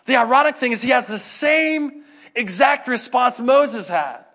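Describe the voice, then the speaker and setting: A man preaching a sermon, animated and acting out the voices in the scripture stories. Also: very high-pitched, measured pace. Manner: animated, acts out scripture dialogue in varied voices.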